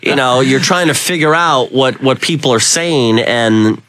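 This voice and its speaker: Dry-voiced talk radio host, rambling. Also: male voice, mid-range voice, a little slow, a bit bright, dry recording. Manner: rambling, anecdotal, many "you know" fillers. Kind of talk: casual radio chat. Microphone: studio microphone.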